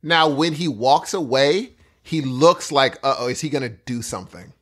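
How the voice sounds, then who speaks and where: A man's voice: mid-range voice, animated. A man co-hosting a podcast, chatting casually and enthusiastically about an episode. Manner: enthusiastic, quick agreement. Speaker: podcast co-host. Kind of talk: casual recap chat.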